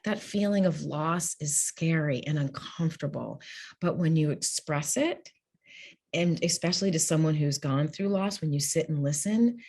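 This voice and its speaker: A woman with a husky, somewhat low voice talks openly as a podcast guest. She laughs easily and slips into playful acted-out quotes of other people. Her delivery stays frank and conversational. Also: moderate pace, darkish tone. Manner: candid, laughs often, acts out quoted speech. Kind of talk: conversational interview.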